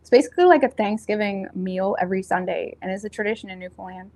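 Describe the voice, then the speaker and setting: A woman's voice: mid-range voice, quick pace, mellow. Chatty Nova Scotian woman, rambling. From Nova Scotia, Canada. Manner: chatty, rambling, frequent fillers and self-corrections; laughs easily, blunt with casual swearing. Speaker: tarot reader. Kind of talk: casual chat on a tarot channel.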